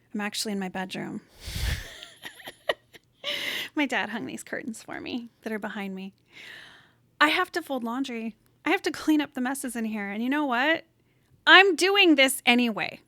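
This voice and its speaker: A woman hosts a solo motivational podcast from her bedroom, speaking in an earnest, encouraging and emphatic way. Her high-pitched voice is a bit bright, captured by a camera set up in the room with studio quality and no room sound.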